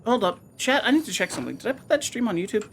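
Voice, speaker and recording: A woman streaming a game, chatting casually with her viewers in an excitable, talkative way and swearing now and then. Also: a little high, rapid-fire, slight background noise.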